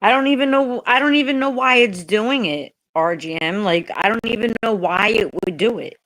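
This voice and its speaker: A woman's voice: on the high side, normal speed, fairly bright tone, dry recording. A woman hosting a casual livestream, chatting bluntly and profanely with her viewers. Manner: blunt and profane, talking straight to the chat. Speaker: livestream host.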